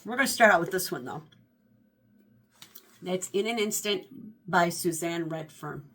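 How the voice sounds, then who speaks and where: A woman in her fifties chatting casually about her favorite books, rambling and animated, correcting herself as she goes. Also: lowish voice, unhurried, breathy edge. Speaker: book vlogger. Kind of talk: casual book review chat.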